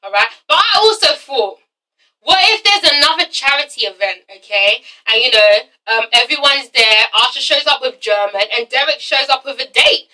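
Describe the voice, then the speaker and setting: Bright, emphatic woman vlogger. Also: high-pitched, lively intonation, normal speed, far from the mic, poor audio. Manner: emphatic, swears often, keeps asking "okay?". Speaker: TV show reviewer. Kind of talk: casual vlog commentary.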